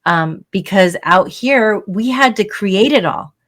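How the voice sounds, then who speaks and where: A middle-aged woman from California, telling a personal family story as an interview guest, earnest and emotional, with many pauses and fillers. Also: medium pitch, animated, fairly bright tone.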